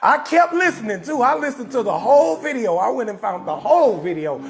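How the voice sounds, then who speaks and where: With an extremely high, creaky voice and a New Orleans accent, a comedian from New Orleans, USA, hosts a live stream and roasts someone. Very animated and a little fast, he launches into a loud, profane rant full of shouted bursts.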